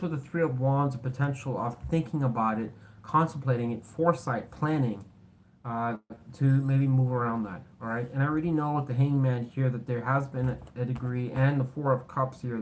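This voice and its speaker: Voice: medium pitch, slight background noise. Blunt, sarcastic tarot reader. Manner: blunt and sarcastic, swears casually; rambling, self-correcting talk. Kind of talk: casual tarot reading to camera.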